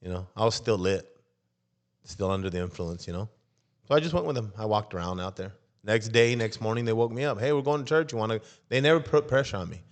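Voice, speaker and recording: Middle-aged male podcast guest, lowish voice, lively storyteller who acts out the dialogue. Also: fast. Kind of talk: personal testimony.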